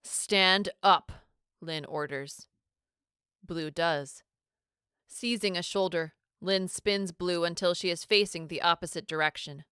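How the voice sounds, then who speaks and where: A woman reading a scripted audiobook chapter in a measured, dramatic storytelling manner on a close mic. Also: on the low side, a bit bright, smooth, no room sound. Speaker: narrator.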